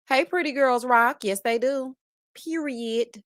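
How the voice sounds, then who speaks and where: A woman hosting a live-streamed reality TV review, lively and chatty, calling out "child" and "honey" as she greets viewers by name. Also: high-pitched, takes it slowly, no echo, clean studio sound. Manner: sassy, says "child" and "honey". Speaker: host.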